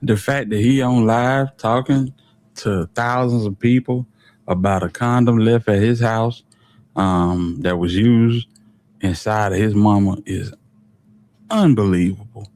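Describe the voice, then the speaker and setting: A man's voice: lowish voice, steady tone, a little slow, darkish tone. A man from Alabama, talking casually and wryly as a commentary host. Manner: wry, disbelieving, conversational.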